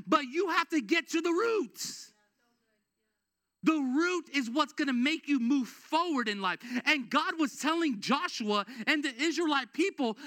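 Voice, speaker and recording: A man delivers a sermon as a pastor with a very high, bright voice. He preaches in a casual, conversational way with slang, then drives his points home with emphatic, rising exhortation. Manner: energetic, rises to emphatic exhortation.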